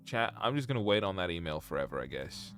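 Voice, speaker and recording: A man's voice: sits low, very animated, fast talker, over music. A young man live-streaming from home, chatting casually with his viewers, rambling and joking as he reads their comments.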